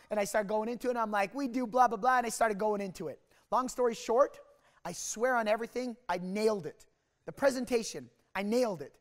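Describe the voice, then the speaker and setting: High-voiced man in an echoing hall. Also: brisk. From Canada. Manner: energetic, rambling, many restarts, acts out quoted voices. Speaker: motivational sales speaker. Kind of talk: motivational storytelling talk. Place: large hall at a sales rally. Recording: reverberant hall sound.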